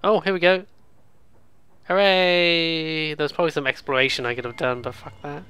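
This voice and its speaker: A man's voice: a little high, very fast, a bit bright, clear, resonant tone, no room sound, highs cut off. A man hosting a let's play, giving casual, sarcastic, rambling gameplay commentary. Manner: sarcastic, swears freely, rambling.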